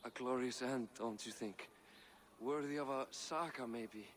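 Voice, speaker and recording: A man playing a dying warrior, slow and proud. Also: mid-range voice, slight background noise, natural voice. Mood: fading, proud. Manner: slow, weak, resigned. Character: dying loyal male warrior cousin, proud.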